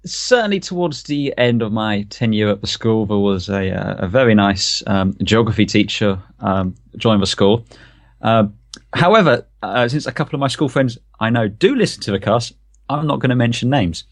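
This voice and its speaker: A man's voice: fairly low pitch, moderate pace, no room sound. A man on a podcast, wry and guarded, chatting casually. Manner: wry, lively, laughing. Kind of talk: casual chat.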